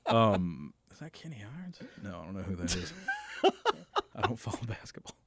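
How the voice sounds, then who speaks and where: A man's voice: deep voice, sing-song, normal speed, a crowd in the background. A man chatting as a guest on a radio show in a studio, rambling and laughing often. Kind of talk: casual radio chat. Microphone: studio microphone.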